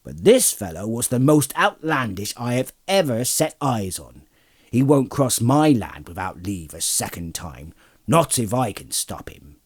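A man doing a loud, blustery hobbit farmer. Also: mid-range voice, big pitch swings, a little slow, slightly rough. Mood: hearty. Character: gruff, hearty hobbit farmer, middle-aged man.

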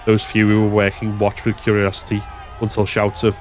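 Low-voiced male narrator. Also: completely flat delivery, a little fast, some chatter behind. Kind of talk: scripted narration.

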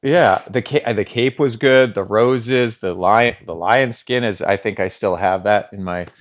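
A man chatting as a comedy guest, rambling and giggly, with lots of halting restarts. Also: fairly low pitch, lo-fi sound. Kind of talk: casual improv chat.

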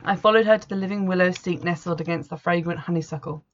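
Measured woman storyteller, low and gravelly, muffled recording. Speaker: narrator. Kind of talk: first-person story reading. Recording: dull lo-fi recording.

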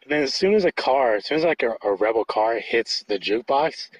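Husky man, rambling podcast chat. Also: mid-range voice, animated, a little fast, dry recording. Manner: rambling, laughs often, many likes. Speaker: podcast co-host. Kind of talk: casual chat. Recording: dull lo-fi sound.

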